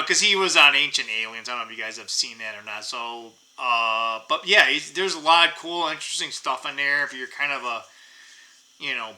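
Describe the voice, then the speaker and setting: Bright-voiced man ranting casually. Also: mid-range voice, rough recording. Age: middle-aged. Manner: rambling, profane, frequent fillers. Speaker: channel host. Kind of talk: casual rant to camera.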